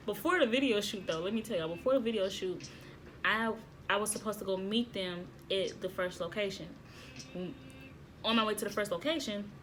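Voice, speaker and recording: A woman vlogging casually, telling a story to viewers in an excitable way, repeating phrases and laughing often. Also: mid-range voice, slight background noise.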